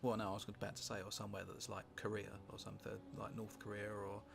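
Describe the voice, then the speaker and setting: A British man casually commentating on a strategy game he is playing, rambling and wry, with sweary asides and thinking out loud. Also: fairly low pitch, completely flat delivery, fast talker, vocal fry. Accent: British English. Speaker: gameplay commentator. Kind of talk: casual let's-play commentary. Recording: music playing underneath.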